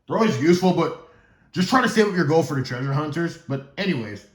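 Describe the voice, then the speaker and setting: A man's voice: a little high, expressive, quick pace, echoey room. A man casually explaining the story of his own fan game series, rambling and stumbling without a script, joking to himself. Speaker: gaming YouTuber.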